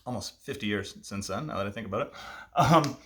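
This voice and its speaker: A man in his fifties telling a personal childhood story, lively and self-amused, with asides to the listener. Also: fairly low pitch, fairly quick. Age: 50s.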